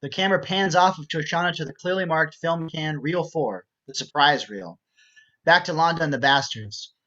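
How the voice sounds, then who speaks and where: A man narrating screenplay stage directions in a steady, matter-of-fact way. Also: a little high, normal speed, dull audio.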